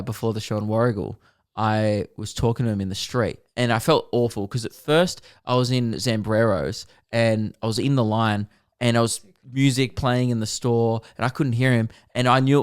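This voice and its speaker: A man's voice: medium pitch, normal speed, smooth, no room sound, studio quality. A young man co-hosting a podcast, telling a story in casual chat and acting out what people said. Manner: animated storyteller, acts out quotes. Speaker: podcast co-host.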